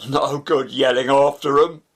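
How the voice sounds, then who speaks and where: A mocking, sneering young man with a gravelly, slightly raised voice. A man plays him in a slow storybook reading. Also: mid-range voice, steady tone, fairly bright tone.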